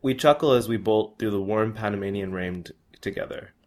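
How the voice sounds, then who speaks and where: A man's voice: lowish voice, fairly quick, darkish tone. A young man earnestly reading his personal travel story aloud. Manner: earnest, with small restarts.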